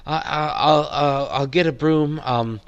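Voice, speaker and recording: A man voicing a flustered older woman who runs a kitchen, speaking in a high fluttery voice that stammers and scolds. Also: a little slow, clean tone, highs cut off. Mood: scolding.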